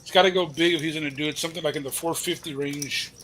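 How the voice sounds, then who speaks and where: A man giving live play-by-play commentary on a poker cash game, relaxed and thinking aloud with pauses. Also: on the high side, slight background noise, rough recording.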